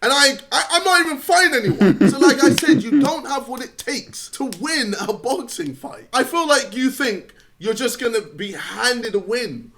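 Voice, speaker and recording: High, bright-voiced man scolding bluntly. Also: lively intonation, moderate pace, few pauses. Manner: frank, scolding, swears freely. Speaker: YouTuber and musician speaking in a video clip. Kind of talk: blunt direct address. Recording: played from another video.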